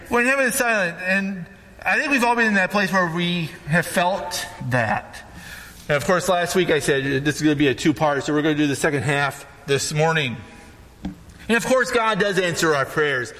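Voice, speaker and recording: A man's voice: high-pitched, bright, forceful tone, big-room sound. A man preaching a casual sermon as pastor, talking conversationally and often checking in with "right?".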